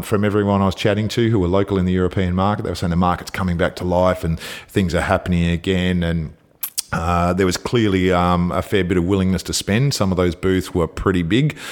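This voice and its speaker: A man co-hosting a casual podcast, chatty and easygoing, with lots of ums and restarts. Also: low-pitched. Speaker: co-host.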